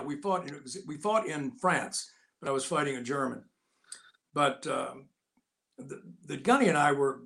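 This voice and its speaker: Here the same older American man, an actor and Navy veteran, speaks with a creaky voice that sits slightly high for a man. Guesting on an interview, he spins lengthy, animated service anecdotes, acting out quoted figures with fast tonal shifts, all in a relaxed, chatty style.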